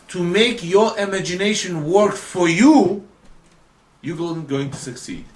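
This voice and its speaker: A man's voice: medium pitch, fairly bright tone. A man teaching a religious lesson with emphasis, speaking non-native English and often putting questions to his listeners. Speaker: Torah teacher.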